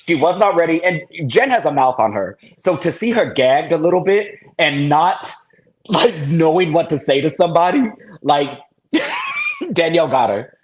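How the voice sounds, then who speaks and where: A man's voice: fairly high pitch, animated, moderate pace, low-quality recording. A man on a chat panel, exclamatory and laughing often, calling people baby and sis. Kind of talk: casual chat.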